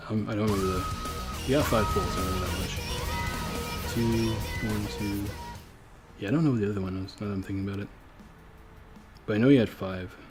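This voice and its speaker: Young male streamer, lowish voice, loose rambling chat with self-corrections, soft music underneath. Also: fairly even intonation, quick pace, pauses often. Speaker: livestream host. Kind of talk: casual livestream chat. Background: faint background music.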